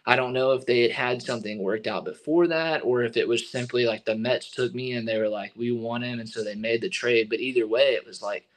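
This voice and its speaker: A young man in his twenties, a baseball pitcher telling his story as a guest in a casual, rambling way, full of fillers. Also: fairly even intonation, brisk, few pauses, rough recording.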